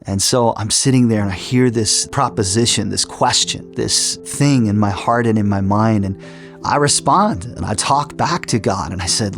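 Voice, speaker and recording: A man's voice: on the low side, moderate pace, vocal fry. A middle-aged man telling his personal testimony in an earnest storytelling way, with frequent restarts. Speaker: testimony speaker. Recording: soft music underneath.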